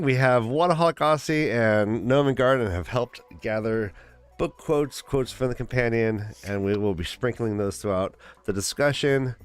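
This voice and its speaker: A man's voice: mid-range voice, smooth. A man co-hosting a casual fan discussion over a video call, talking in an easygoing, rambling way. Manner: rambling, easygoing, laughs often. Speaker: podcast co-host.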